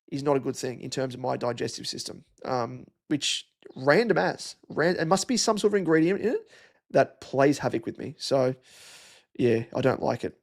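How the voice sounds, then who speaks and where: An Australian young man hosting a casual live stream, rambling and chatty with lots of fillers as he reads out comments. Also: medium pitch. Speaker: livestream host.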